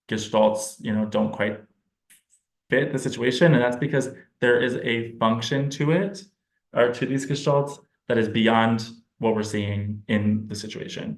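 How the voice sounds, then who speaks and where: A man, a speech-language pathologist, giving an informal, explanatory presentation to parents and thinking aloud as he goes. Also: fairly low pitch. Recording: roomy echo.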